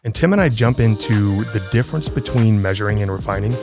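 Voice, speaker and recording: Low-voiced man hosting a podcast. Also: a little fast, over music. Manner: animated storyteller, acts out voices, laughs often. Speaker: podcast host. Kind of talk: casual podcast chat.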